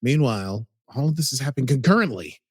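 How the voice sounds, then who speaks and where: A man's voice: mid-range voice, animated, fast talker, slightly rough, no room sound, clean studio sound. A man casually recapping a TV episode as a podcast co-host, rambling and chatty with lots of "like"s.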